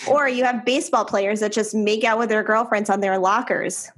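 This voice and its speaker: A woman co-hosts a podcast in a casual chat, teasing and laughing often. Her mid-range voice is fairly bright, with fairly even intonation and a moderate pace.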